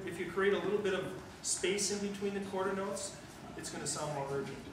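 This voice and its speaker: A man leads a school wind band through rehearsal, coaching in a brisk, direct way and counting and scatting rhythms aloud. His voice sits high for a man. He is picked up from well across an echoey rehearsal room, with clear background noise. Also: recorded from a distance. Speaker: guest band conductor. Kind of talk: ensemble rehearsal instruction. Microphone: far room mic.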